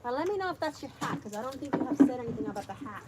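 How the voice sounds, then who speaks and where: A woman's voice: high voice, lively intonation, very fast. Chatty woman streaming from her chicken coop. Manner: chatty, repeats herself, coos to her animals. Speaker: backyard chicken keeper hosting a livestream. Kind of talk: casual livestream chat. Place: outdoors at a backyard chicken coop. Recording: noisy outdoor phone stream.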